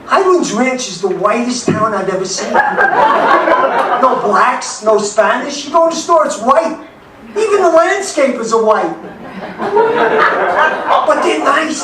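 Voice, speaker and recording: A man, doing a blunt stand-up set in a club, with sudden loud outbursts. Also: extremely high pitch, expressive, slow pace, long pauses, a loud crowd. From New York. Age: 70s. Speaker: stand-up comic. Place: comedy club in Denver. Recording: echoey club from far off, background noise.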